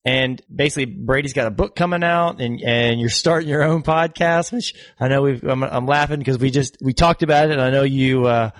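A man's voice: medium pitch, fairly quick, hardly any pauses, no room sound. A man in his forties hosting a podcast, talking with an enthusiastic, chatty manner and laughing easily. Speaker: podcast host. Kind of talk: casual interview chat.

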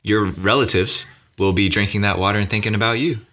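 Low-voiced reflective podcast host man. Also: a little fast. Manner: relaxed, reflective, playful. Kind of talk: casual podcast conversation.

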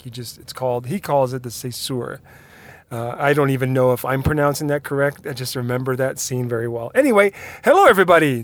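A man hosts his own podcast solo, talking casually and energetically, laughing easily and drifting into side notes. His voice has a fairly high pitch, with no room sound.

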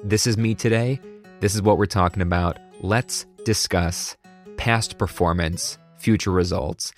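A man who coaches speakers, talking casually to camera, tired and low on energy, often tagging his points with a questioning "right?". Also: a little slow, soft background music. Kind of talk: casual talking-head monologue.

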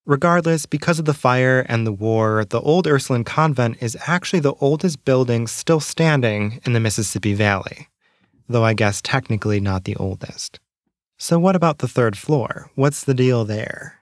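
A man's voice: medium pitch, animated, normal speed, dry recording, studio quality. A man hosting a casual solo podcast from a small closet at home, slightly out of breath, dropping wry, sarcastic asides. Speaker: podcast host.

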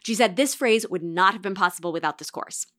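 A woman's voice: medium pitch, fairly quick, a bit bright. A woman hosting a reflective solo podcast, coaching listeners in an encouraging tone and reading student quotes aloud. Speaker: podcast host and course mentor.

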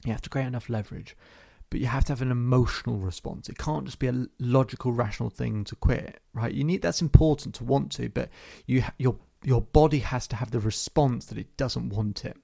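A man working as a hypnotherapist, calmly recounting a session in a storytelling monologue with slow, repeated phrasing. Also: medium pitch, vocal fry.

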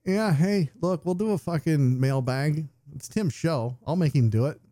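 A man's voice: a little high, normal speed, mellow, dry recording, clean studio sound. An American man co-hosting a podcast, chatting casually, swearing and joking at his own expense. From United States. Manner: profane, joking, self-deprecating. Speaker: podcast co-host. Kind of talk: casual chat, reading listener feedback. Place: home, remote call.

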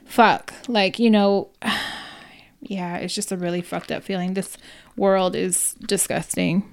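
A woman's voice: on the low side, fairly even intonation, takes it slowly. A woman co-hosting a casual podcast chat, talking in slang and often chiming in with agreement. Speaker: podcast co-host.

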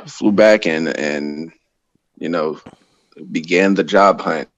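A man's voice: low voice, slow pace, no room sound, muffled recording. A man guesting on a podcast as a pro wrestler, talking in a laid-back, easygoing way with frequent laughs. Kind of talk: casual chat.

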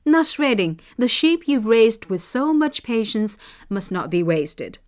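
Scheming priests fake-wailing, a woman voicing them, raised pitch. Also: big pitch swings, a little slow, a little mellow. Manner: mock wailing. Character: group of scheming male imams.

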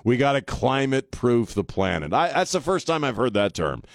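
A man's voice: mid-range voice, very animated, moderate pace, dry recording. Male talk radio host, blunt and sarcastic, rambling monologue, dry close studio sound.

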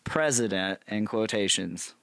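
A man's voice: fairly low pitch, lively intonation, measured pace, vocal fry, fairly bright tone, dry recording. Laughing man, dry close sound. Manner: laughs often, swears, rambling restarts. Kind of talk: casual chat.

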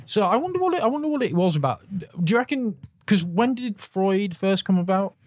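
A man's voice: high-pitched, very animated, fairly quick, dry recording. A man hosting a podcast, chatting casually in a rambling way, swearing now and then and laughing often while he sips a drink. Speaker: podcast host.

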